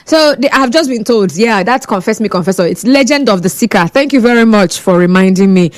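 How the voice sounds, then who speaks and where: A woman's voice: mid-range voice, animated, fairly quick, dry recording. A Nigerian woman hosting a phone-in radio talk show, chatty and teasing, often laughing.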